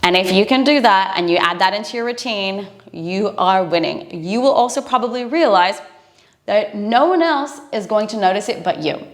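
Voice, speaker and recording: A woman's voice: mid-range voice, lively intonation, moderate pace. A woman breathing coach giving an earnest, encouraging instructional talk to camera.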